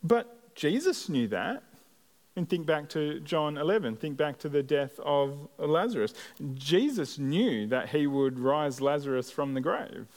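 A man preaching a sermon as a pastor, earnest and measured, with deliberate pauses. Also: fairly high pitch, animated, a little mellow. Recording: long hall reverb.

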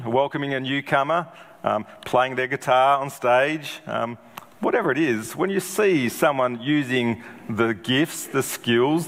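A man's voice: fairly high pitch, a bit bright. A middle-aged man preaching a sermon in a conversational way, with rhetorical questions and frequent ums. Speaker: pastor. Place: church hall. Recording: long hall reverb.

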